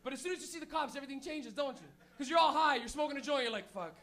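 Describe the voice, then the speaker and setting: A man's voice: extremely high pitch, very fast, bright, forceful tone. A male stand-up comic from Toronto, working a room with a loose, profane set, laughing as he acts out stoner voices. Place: comedy room with a laughing crowd.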